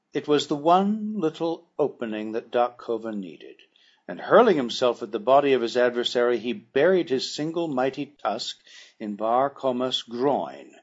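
Husky-voiced male audiobook narrator. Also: mid-range voice, muffled recording. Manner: measured, formal storytelling. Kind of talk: scripted narration of a classic adventure novel.

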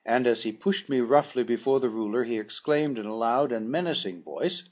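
A male narrator reads a classic adventure story in a measured, formal way, his voice mid-pitched and noticeably husky. The recording is dull and lo-fi, with the top end rolled off. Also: a little mellow. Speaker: audiobook narrator.

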